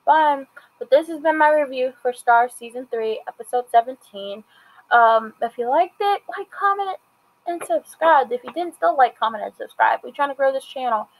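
A chatty woman reviews a TV episode, her voice sitting a little high. She retells scenes by acting out bits of dialogue, loose and conversational throughout. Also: lively intonation, normal speed, poor audio. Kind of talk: casual recap and commentary.

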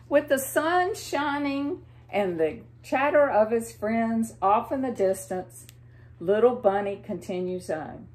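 A woman with a Southern American accent reading a storybook to children in a gentle, expressive way, asking them questions. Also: medium pitch, slow.

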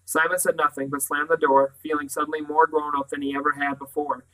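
A man reads a children's novel aloud, unhurried and plain, stumbling now and then and starting a word again. His voice sits a little high and has a bright, sharp edge. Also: level tone, low-quality recording. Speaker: audiobook reader.

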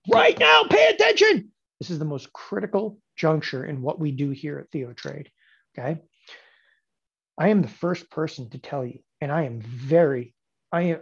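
A man in his forties teaching options trading in a lecture, emphatic and sarcastic, with animated bursts. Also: on the high side, slightly rough, highs cut off. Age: 40s.

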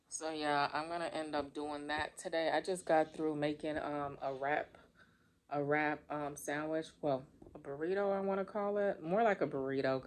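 A woman with a notably low-pitched voice tells her viewers a story in a casual vlog. She vents and talks straight to the camera, animated and chatty. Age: adult. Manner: animated, venting, addresses viewers directly. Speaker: vlogger.

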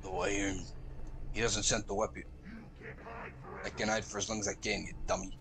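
A man hosting a let's play, reacting loudly and profanely, yelling at the game as he plays. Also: fairly low pitch, a little fast, gravelly. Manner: excitable, profane, shouts at the game. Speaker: gaming channel host.

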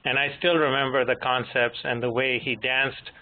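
A man in his fifties, moderator and presenter, giving a measured technical lecture with gentle humor. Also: medium pitch, level tone. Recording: tinny phone-line audio with faint noise.

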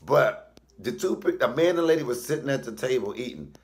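A middle-aged male comedian telling blunt, profane stories in a casual, animated way while cooking. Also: mid-range voice, fairly quick. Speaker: comedian and cooking show host.

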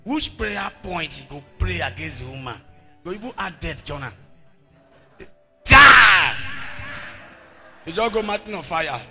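A Nigerian man preaching a deliverance sermon in church, animated and often shouting. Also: on the high side, fairly quick, faint music behind. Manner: animated, shouting, mimics people. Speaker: pastor.

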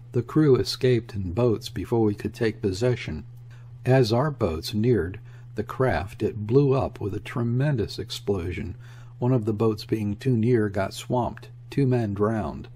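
A man's voice: lowish voice, measured pace, warm tone, slight background noise, natural voice. A man voicing a stern, curt naval lieutenant questioning a suspect. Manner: stern, clipped, interrogating.

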